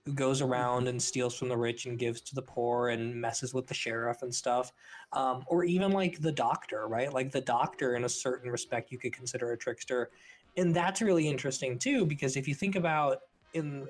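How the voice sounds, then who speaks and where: Chatty male podcast host explaining. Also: medium pitch. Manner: explains with many likes and rhetorical questions. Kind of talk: casual podcast chat.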